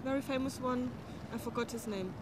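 A woman's voice: high voice, a little fast. A woman passer-by giving hesitant answers in a street interview outdoors. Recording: noisy street recording.

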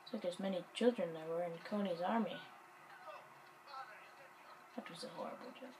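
A woman giving casual gameplay commentary, excitable and jokey, muttering and whispering to herself. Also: lowish voice, normal speed, background noise.

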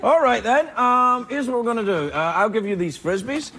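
A man from Scotland hosting a late-night talk show, trading playful, teasing jokes with his guest in a studio. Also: moderate pace. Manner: teasing, joking, with lively swings in pitch. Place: television studio with audience.

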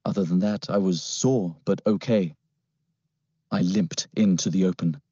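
A man narrating an adventure audiobook in first person with a steady storytelling manner. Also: low voice, unhurried, slightly rough, no echo. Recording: dull lo-fi, dry recording.

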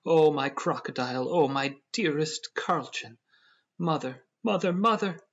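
A man voicing a grasping German showman who cries out in shrill, wailing bursts. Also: fairly even intonation, measured pace, bright, forceful tone, slightly rough, heavily acted. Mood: anguished. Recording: dull lo-fi audio.

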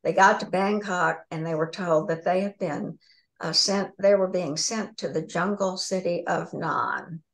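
A woman author, a guest on a video call, telling stories in a lively way. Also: lowish voice, measured pace, poor audio. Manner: lively storyteller. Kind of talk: casual interview storytelling.

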